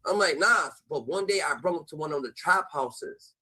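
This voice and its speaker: A man telling a rowdy street story in casual chat, heavy with slang and cursing, jumping in pitch whenever he acts out other people. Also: normal speed, poor audio. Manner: animated storytelling, acting out quoted voices with jumps in pitch. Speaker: host.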